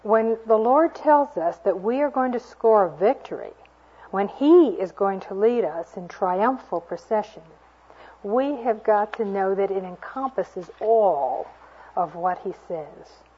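A woman preaches an earnest sermon to a women's gathering, weaving in stories and homely asides. Her voice is slightly husky and sits at a middle pitch. The recording sounds dull and lo-fi. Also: lively intonation, measured pace, dark tone.

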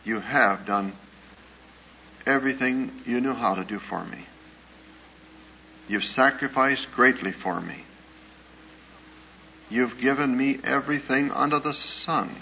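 A man plays a thoughtful eighteen-year-old daughter who speaks quietly and deliberately. The voice is bright but held low and even. A dull, lo-fi old recording adds a faint hiss. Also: creaky, heavily acted. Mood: calm.

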